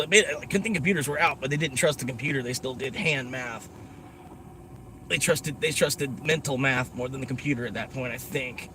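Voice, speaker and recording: A man's voice: medium pitch, sharp tone, slight background noise. Rambling, cussing American man. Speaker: vlogger. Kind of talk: casual rambling chat. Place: inside a moving vehicle.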